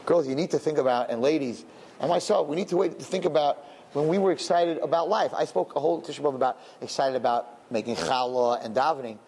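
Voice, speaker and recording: A middle-aged man, a rabbi, giving an emotional sermon with lots of repetition and animated storytelling. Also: fairly high pitch, fast, breathy edge.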